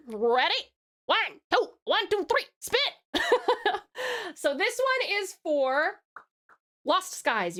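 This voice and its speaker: A young American woman with a highish, fairly bright voice is live-streaming from a home desk mic. She chats casually with viewers, bubbly, affectionate and giggly, calling them pet names.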